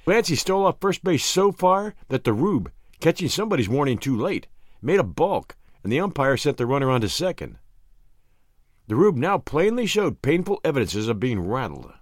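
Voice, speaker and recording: Male storyteller, middle pitch, animated delivery, close dry studio sound. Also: moderate pace, no echo. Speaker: audiobook host and narrator. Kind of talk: scripted story narration.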